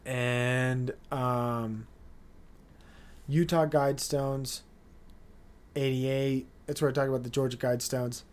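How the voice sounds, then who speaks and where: A young man hosting a solo podcast, telling stories in a loose, excitable way, swearing often and laughing between lines. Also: medium pitch, slow, pauses often. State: dry mouth. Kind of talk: casual solo monologue.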